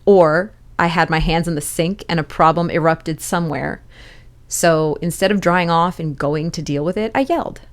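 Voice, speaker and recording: Middle-aged woman podcaster, lowish voice, chatty and candid, laughs easily. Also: moderate pace. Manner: friendly, candid, with little laughs. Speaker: education podcast host. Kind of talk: conversational advice talk.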